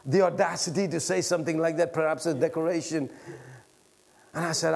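A man preaching a sermon, swinging from loud exhortation to quiet prayer and chatty stories with the congregation. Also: creaky. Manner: swings from loud, high exhortation to soft, low intimate prayer; conversational storytelling with congregation asides.

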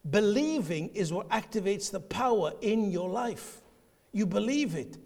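A man preaching a passionate sermon, shifting between quiet, intimate passages and shouted declarations. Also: high voice, expressive, unhurried, gravelly. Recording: long hall reverb.

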